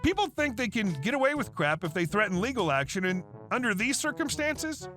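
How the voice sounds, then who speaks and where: A man narrating reddit stories aloud in an animated storytelling manner. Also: high voice, brisk. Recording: faint background music.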